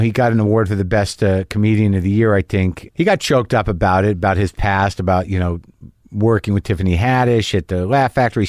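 A man's voice: medium pitch, darkish tone, no echo, studio quality. A man hosting a podcast, rambling casually with many restarts and fillers. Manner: rambling, self-interrupting, laughs often. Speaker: podcast host. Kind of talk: casual chat.

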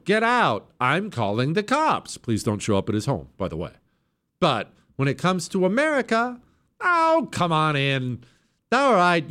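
Talk radio host, male, mid-pitched voice, emphatic and sarcastic, mocks opponents. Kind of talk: political talk radio monologue.

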